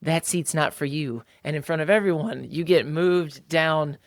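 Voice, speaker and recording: This man's voice is fairly high and moderately paced as he co-hosts a casual podcast, talking loosely, addressing listeners as "bro," and imitating voices when he quotes people. It's a dry, studio-quality recording.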